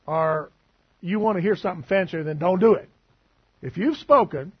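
A man's voice: high voice, normal speed, breathy edge, dull audio. A male preacher giving a sermon in a conversational, teasing way, asking the room questions.

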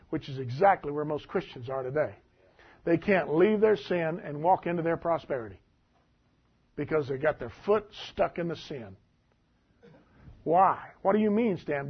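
A man preaching a sermon, reading scripture aloud and commenting on it in a folksy, animated way. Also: a little high, breathy edge. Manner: folksy, animated, laughs at the text. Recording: dull lo-fi recording.

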